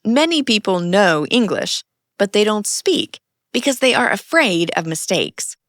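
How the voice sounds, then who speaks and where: Brief: woman teacher, slow delivery, dry close mic, simple lesson narration. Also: medium pitch, very animated, fairly bright tone, no room sound. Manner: plain, simple sentences with acted example dialogues. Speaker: English teacher.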